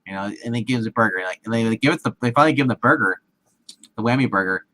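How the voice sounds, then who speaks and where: A man's voice: medium pitch, animated, rapid-fire, sharp tone, poor audio. A man casually retelling a film scene with many restarts and acted-out quotes, as a movie show co-host. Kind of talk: casual movie recap chat.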